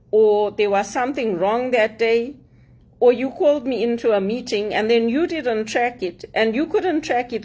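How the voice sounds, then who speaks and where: A woman speaking in a fairly high voice, with an accent that blends English and African sounds. She delivers an opinionated monologue in an earnest, emphatic way, hammering her points home by repeating them. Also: darkish tone. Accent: mix of English and African. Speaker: vlogger.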